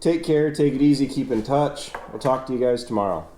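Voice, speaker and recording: With a medium-pitched, dark voice and a fairly quick pace, this young farm vlogger chats casually indoors at a family house. His talk is folksy and easygoing, wandering with restarts, in a roomy recording with faint noise.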